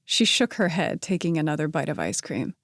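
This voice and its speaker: A woman reads a romance audiobook in an even, measured voice, pitched on the low side. She is close to the mic, and the sound is completely dry with no room around it. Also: dry recording. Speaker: audiobook narrator. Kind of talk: scripted narration.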